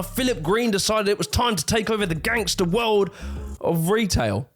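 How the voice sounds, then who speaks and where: A man narrates a commentary video essay, sarcastic and animated and not shy of swearing. His voice sits a bit high and swings widely in pitch, with faint music playing underneath. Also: normal speed. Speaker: YouTube host and narrator.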